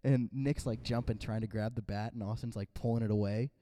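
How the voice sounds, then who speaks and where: A man's voice: on the low side, steady tone, brisk, dark tone. Rambling young man telling stories. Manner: rambling, lots of "like" and restarts. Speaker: podcast co-host. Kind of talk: casual storytelling chat.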